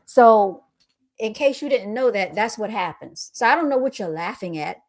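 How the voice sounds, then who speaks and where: A woman's voice: medium pitch, expressive, normal speed. A young woman hosting a casual livestream, reading viewer comments aloud and answering them with amused, laughing retorts. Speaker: livestream host reading chat.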